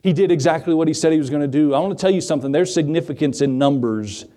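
A middle-aged male pastor preaching a sermon in a voice pitched a little high but mellow and dark in tone. He asks the congregation questions and briefly acts out the voices of the people in his stories. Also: fast talker. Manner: dramatic voices for quoted figures, rhetorical questions to the congregation.

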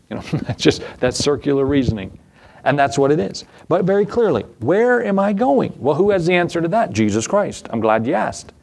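A man delivers an evening church sermon as the preacher. He fires off rhetorical questions that climb in pitch and repeats key phrases to press his point home. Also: very animated, moderate pace, creaky, darkish tone, a little hiss or hum.

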